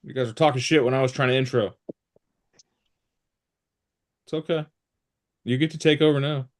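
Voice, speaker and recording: A man hosts a relaxed morning team meeting over a video call from home. He jokes and teases his coworkers in an upbeat, chatty way, with a mid-range voice. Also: mid-range voice, fast. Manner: joking, teasing, upbeat. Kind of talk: casual team call chat. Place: home, working remotely.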